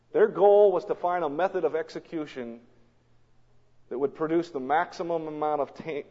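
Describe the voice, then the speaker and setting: A man preaching a sermon in a dramatic storytelling manner, swinging between loud and hushed, recorded in a church or large hall. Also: mid-range voice. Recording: long hall reverb, dull lo-fi sound.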